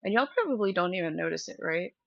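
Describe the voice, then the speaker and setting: A woman's voice: lowish voice, expressive, fast, gravelly, a bit bright, no echo. A young woman chatting candidly and directly to viewers on a casual live stream from a room at home. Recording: dull lo-fi stream audio.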